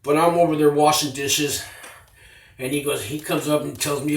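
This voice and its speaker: A man's voice: a little high, fairly even intonation, moderate pace, recorded from a distance. Rambling, profane man in his fifties. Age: 50s. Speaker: former inmate vlogger. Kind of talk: casual storytelling. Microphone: tablet. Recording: roomy, off-mic, with faint noise.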